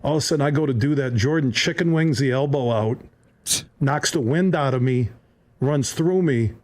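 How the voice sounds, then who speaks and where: A man's voice: mid-range voice, moderate pace. A man on a podcast telling a story with energy and acting out the other people in it. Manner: lively anecdote-teller, acts out voices. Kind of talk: animated storytelling.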